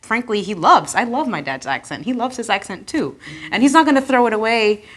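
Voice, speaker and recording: A woman's voice: on the high side, animated, fairly quick, fairly bright tone. A woman co-hosting a casual panel discussion, speaking frankly and with passion. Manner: frank and impassioned.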